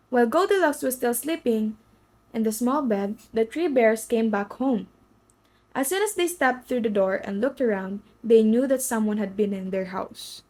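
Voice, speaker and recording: A woman's voice: a little high, darkish tone, low-quality recording. Woman reading a children's story aloud. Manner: reads with slips and restarts.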